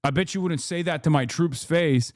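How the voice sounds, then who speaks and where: A man's voice: a little high, normal speed, lightly acted. A man mocking a whiny boastful politician. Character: boastful self-pitying male politician.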